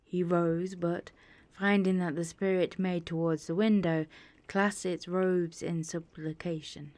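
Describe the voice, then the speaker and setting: A woman narrating a classic tale as a bedtime audiobook in a calm, measured reading voice. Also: lowish voice. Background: soft ambient music.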